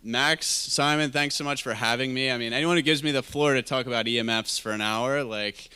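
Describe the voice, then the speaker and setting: A man's voice: medium pitch, a little fast, sharp tone, smooth. A man giving a conference talk on a handheld microphone, opening with wry jokes. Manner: wry, joking opener. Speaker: guest speaker at a health summit. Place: live event venue.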